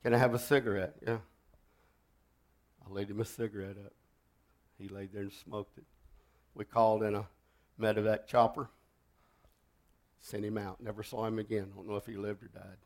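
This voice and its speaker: An older man preaching a sermon, telling a war story with loud outbursts that drop to a hush. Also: on the low side, flat delivery, moderate pace, long pauses. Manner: dramatic storytelling, swings from loud outbursts to hushed.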